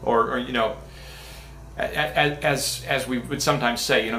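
A man's voice: mid-range voice, steady tone, normal speed, pushed and bright, a little hiss or hum. A man pastor giving a casual, conversational sermon with many restarts and asides. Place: church sanctuary. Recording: echoey church room.

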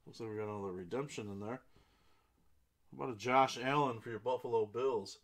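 A man hosting a live trading card break, reading out each card and buyer's name and bursting into excited exclamations over big hits. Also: mid-range voice, a little fast.

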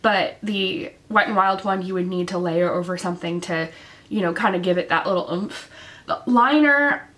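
A woman's voice: fairly low pitch, moderate pace, a bit bright. A young woman talks straight to the camera about makeup in a chatty, casual way. Her voice is worn and sick, and she leans on plenty of ums and likes as she goes. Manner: chatty with many fillers. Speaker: beauty vlogger. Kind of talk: casual product review.

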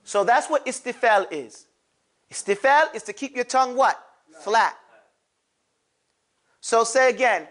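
An animated Quran recitation teacher drills his class to say letter sounds aloud in a lesson on pronunciation. His voice is very high, a little slow, with long pauses.

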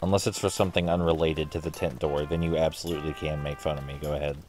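A man's voice: extremely low pitch, little pitch movement, fast talker, over music. A man casually commentating while playing a video game, rambling, sarcastic and swearing offhandedly. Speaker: gaming streamer. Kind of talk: casual let's play commentary.

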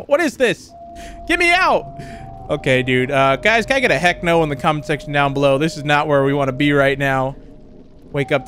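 A man's voice: a little high, fairly bright tone. A young man giving casual let's play commentary on a horror game, jumpy and laughing, yelping when startled. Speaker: gaming YouTuber.

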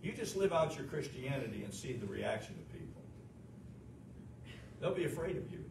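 A man's voice: medium pitch, big pitch swings, normal speed, gravelly, long pauses. A man pastor preaching a sermon, emphatic, asking the congregation questions. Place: church sanctuary. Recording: echoey room, distant mic, noisy.

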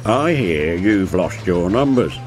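A man's voice: deep voice, sing-song, takes it slowly, over music, heavily acted, low-quality recording. A man voicing a stern, impatient male railway boss in a storybook, speaking grimly and firmly. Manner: stern, patient but firm.

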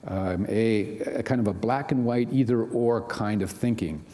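A man's voice: lowish voice, unhurried, mellow. Conversational male pastor in a reverberant hall. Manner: conversational, many "you know" asides. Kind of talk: sermon.

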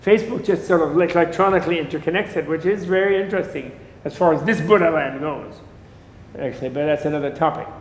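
A man's voice: on the high side, fast. Jokey man lecturing in an echoey room. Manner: digressive, jokey, chuckling. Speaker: lecturer on Buddhism. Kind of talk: casual lecture to a class.

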